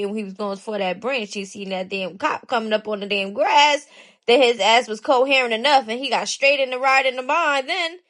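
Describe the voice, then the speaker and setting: A woman's voice: medium pitch, a bit bright, dry recording. A woman giving casual commentary on a clip, chatty and hesitant with many fillers. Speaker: commentary channel host.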